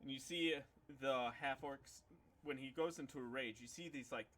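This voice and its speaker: Running a tabletop game as its game master, this man tells the story in a loose way, full of filler words. He has a mid-range, slightly bright voice and keeps a moderate pace.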